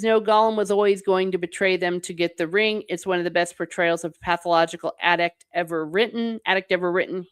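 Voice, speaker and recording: A middle-aged woman hosting a casual livestream, chatting wryly about films and reading viewer comments aloud with playful exasperation. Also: lowish voice. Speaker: host reading live chat.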